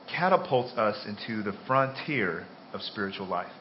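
A man's voice: lowish voice, animated, moderate pace. A man with an American accent preaching a sermon in a loose, conversational way, talking through his thoughts aloud. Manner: conversational, talks to himself aloud. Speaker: pastor. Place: church. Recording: dull lo-fi sermon recording with faint noise.

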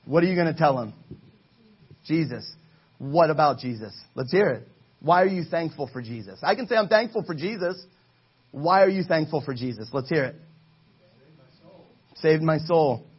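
A man in his thirties preaching a sermon to his congregation in a church, energetic and exhorting, calling for answers from the pews. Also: on the high side, moderate pace, long pauses, breathy edge, lo-fi sound. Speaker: pastor. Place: church sanctuary.

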